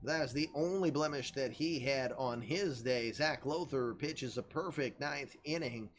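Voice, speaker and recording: Over soft background music, a man with a mid-range voice hosts an unhurried, casual recap of online league baseball results. He sounds tired and yawns, yet stays chatty and laughs at his own jokes.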